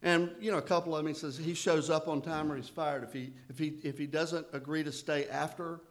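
A man's voice: a little high, fairly even intonation, fairly quick. Man telling a recovery story with humor. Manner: conversational, self-deprecating humor. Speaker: speaker at a recovery meeting.

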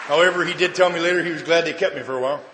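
A man giving a personal recovery testimony at a meeting, telling his story lively and acting out the dialogue. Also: a little high, very fast, crowd noise, background noise. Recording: echoey hall.

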